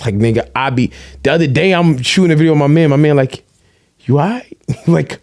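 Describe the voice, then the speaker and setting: A man in casual chat, telling animated stories in streetwise slang and swearing freely. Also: on the high side, quick pace, no room sound, clean studio sound. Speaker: podcast guest, vlogger.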